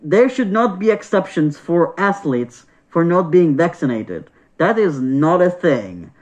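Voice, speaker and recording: A man's voice: on the high side, animated, a little slow, a little mellow. A man vlogging a casual opinion rant, exasperated and profane, repeating himself as he talks. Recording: dull lo-fi sound.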